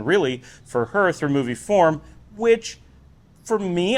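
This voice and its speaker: A man talking through his day in a relaxed, rambling daily vlog, recorded in his home office on a recorder sitting on a table. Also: mid-range voice. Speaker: vlogger. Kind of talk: casual daily vlog talk.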